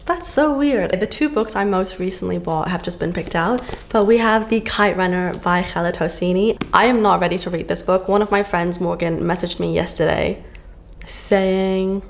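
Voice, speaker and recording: A woman's voice: fairly low pitch, moderate pace, a little hiss or hum. A woman book vlogger chatting casually to camera, gushing and full of fillers, filmed at home on a camera on a stand.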